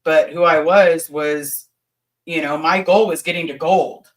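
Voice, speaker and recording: A woman's voice: deep voice, fairly even intonation, unhurried, roomy sound, distant mic, over a noisy crowd, poor audio. A woman talking bluntly and candidly as a guest in a casual chat, swearing now and then.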